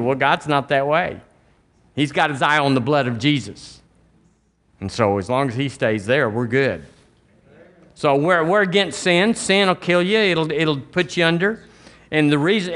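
A man with a Southern US accent preaches a sermon from the pulpit. His voice sits a little high for a man, and he drives his points home with emphasis and folksy asides. He slips into little acted-out quotes along the way. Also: a bit bright. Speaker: pastor.

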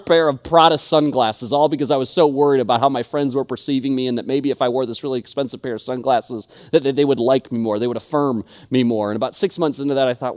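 This young adult man is a pastor whose sermon is built on earnest storytelling, with repeated restarts. His voice is medium in pitch and a little mellow.

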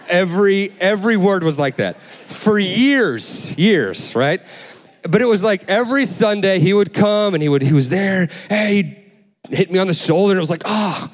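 A man preaching a sermon as pastor, in a loose, conversational way, often restarting words and jumping up in pitch while telling stories. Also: in a large hall. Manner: lively storytelling with sudden pitch jumps. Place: church sanctuary.

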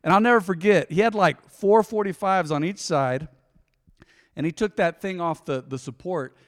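Pastor guy preaching, kinda high voice, chatty story then loud punches and quiet bits, big echoey church hall. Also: moderate pace. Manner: conversational storytelling, swings between loud emphasis and soft asides. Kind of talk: sermon with a personal story. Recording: long reverb of a large hall.

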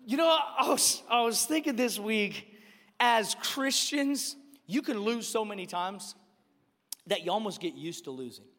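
A male pastor, animatedly telling a personal story as he leads into his sermon in a church. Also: high voice. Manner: animated storyteller, quick asides. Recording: long reverb of a large hall.

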